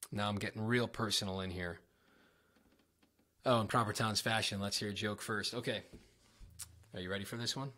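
A man giving a casual livestream guitar lesson, chatty and rambling, often poking fun at himself. His voice is low and gravelly with a bright, sharp edge. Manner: chatty, rambling, self-deprecating. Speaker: guitar teacher.

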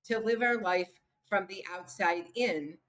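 A woman guest on an interview podcast talks in a relaxed, conversational way, easily slipping into the voices of the people she describes. Her voice sits at an ordinary middle pitch for a woman. She comes across as a coach sharing lessons from her life. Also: unhurried. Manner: lively storyteller who acts out the voices of people in her stories. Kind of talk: casual storytelling in a podcast interview.

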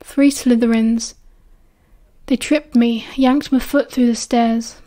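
A woman's voice: on the high side, fairly even intonation, slow pace, mellow. A woman with a British accent voicing an exhausted, guarded teenage schoolboy who murmurs curt replies. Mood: weary, stern.

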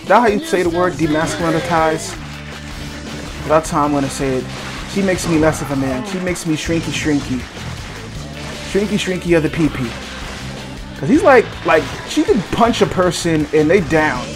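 A man giving casual, rambling gameplay commentary, joking around with sudden excited outbursts. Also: a little high, normal speed, long pauses. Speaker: gaming channel host. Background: game music.

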